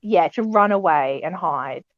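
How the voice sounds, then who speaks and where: Woman player, slow and rambling, dull dry audio. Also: on the low side, animated, no room sound. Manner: hesitant, rambling with fillers. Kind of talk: tabletop game play.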